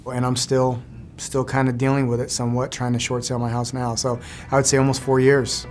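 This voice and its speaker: A man speaks in an interview in a subdued, reflective tone with little pitch movement. Music plays clearly underneath. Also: completely flat delivery, a little fast. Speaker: homeowner interviewee.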